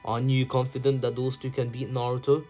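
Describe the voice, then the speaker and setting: A man's voice: medium pitch, flat delivery, quick pace, a little mellow, natural voice. A man voicing a smug, snake-like male ninja mentor who taunts, with faint music behind. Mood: taunting.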